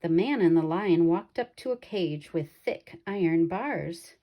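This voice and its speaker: A woman reading a children's picture book aloud in a slow, expressive way. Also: fairly low pitch, highs cut off. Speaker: storybook reader.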